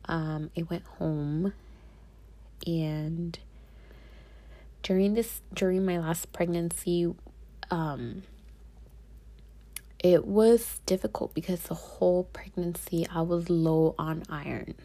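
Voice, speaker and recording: A young woman telling a personal story to her viewers in a casual vlog, speaking softly and often dropping into a whisper. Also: lowish voice, fairly even intonation, takes it slowly, pauses often. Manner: soft-spoken, slipping into whispers. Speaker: vlogger.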